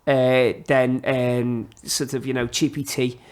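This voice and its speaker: A middle-aged man, a podcast guest, telling rambling, animated anecdotes in casual chat, full of fillers. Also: mid-range voice, slow pace, clean tone.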